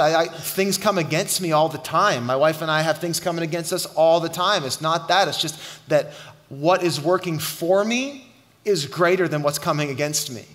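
A middle-aged man, a pastor preaching a sermon and telling stories in an animated way. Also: a little high, moderate pace. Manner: animated storytelling, shouting at the climax. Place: church hall. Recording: long hall reverb.

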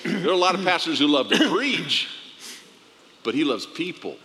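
Halting man with a lively bright voice. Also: a little high, a little hiss or hum. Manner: halting, warm, repeats words. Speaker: guest, longtime friend of the pastor. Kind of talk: heartfelt tribute. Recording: long hall reverb, faint ambience.

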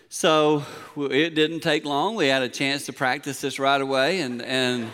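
A middle-aged man, preaching a sermon in a large church, moving from quiet storytelling to emphatic points. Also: on the high side, moderate pace, few pauses, smooth. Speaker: pastor. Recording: long hall reverb.

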